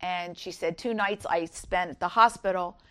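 This is an earnest Easter devotional talk from a middle-aged woman who mixes scripture readings with personal anecdotes. Her pace is normal and her tone fairly bright, lifting high whenever she speaks as someone else.

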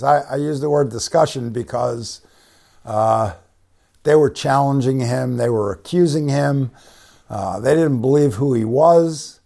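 A man's voice: mid-range voice, creaky, a little mellow. A man preaching a conversational bible-teaching sermon, explaining Greek words and often saying "you know" between phrases. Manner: conversational, many fillers and restarts; spells out Greek words slowly.

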